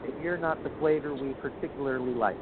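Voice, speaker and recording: A man's voice: medium pitch, fairly quick. A man co-hosting, giving opinionated, ranting takes in casual wrestling chat. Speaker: co-host. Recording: tinny phone line with clear noise.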